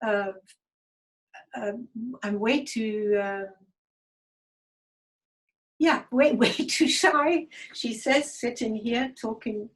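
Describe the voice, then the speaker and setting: A woman telling a personal story to an online group over a video call, halting and hesitant, with many fillers and restarts. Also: fairly high pitch, steady tone. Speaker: guest speaker. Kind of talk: personal testimony talk.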